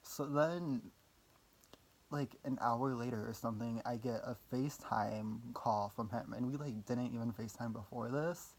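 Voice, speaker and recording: A young adult vlogger tells a personal story in a casual vlog, his voice medium-pitched and his speed normal. He rambles with plenty of fillers, swears casually, and pokes fun at himself.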